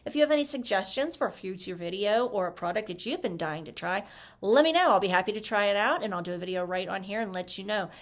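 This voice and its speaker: A woman's voice: medium pitch, lively intonation, fast. A woman chatting casually through a makeup review, gushing as she applies products. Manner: chatty, gushing, talks while applying makeup. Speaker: beauty vlogger.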